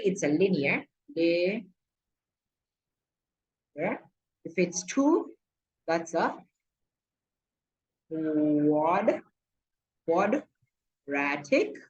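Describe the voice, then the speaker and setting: A woman's voice: on the low side, lo-fi sound, slight background noise. A young woman in a casual screen-recorded math tutorial, chatty and playful, checking in often with the viewer. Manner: chatty, playful, many okays and asides. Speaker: student explaining a lesson.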